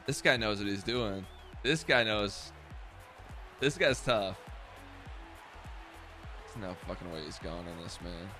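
A young man giving loud, profane, self-mocking commentary while streaming a football video game. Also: lowish voice, slow pace, pauses often, over music. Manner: profane, self-mocking trash talk with sudden outbursts. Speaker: gaming streamer. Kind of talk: live gameplay commentary.

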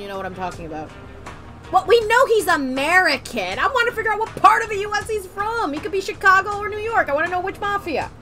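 A woman's voice: sits high, fairly bright tone. A woman giving casual, joking commentary while playing a video game, swearing now and then. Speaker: gameplay streamer. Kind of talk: casual let's-play commentary.

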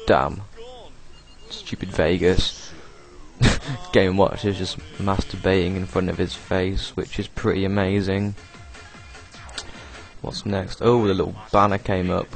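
A man's voice: sits low, little pitch movement, takes it slowly, vocal fry, long pauses, soft background music. A young British man casually commenting over his own video, rambling, swearing and laughing as he goes. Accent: British English. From Britain. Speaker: video creator doing commentary.

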